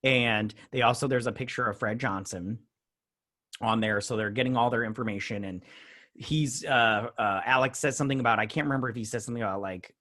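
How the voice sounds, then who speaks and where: A man's voice: mid-range voice, fairly quick, bright, forceful tone. Casual man recapping an episode. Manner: loose recapping with fillers and acted-out quotes. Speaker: host. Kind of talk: casual episode review chat.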